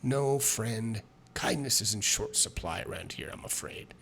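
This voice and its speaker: A man's voice: on the low side, animated, measured pace, gravelly, fairly bright tone, a little hiss or hum, heavily acted. A man voicing a drunk, sobbing male halfling who talks with a wavering put-on accent. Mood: glum, drunk.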